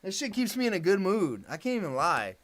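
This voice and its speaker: A man's voice: sits high, big pitch swings, a little fast, fairly bright tone, no echo. A man hosting a casual live stream, rambling, swearing freely and laughing often. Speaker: livestream host.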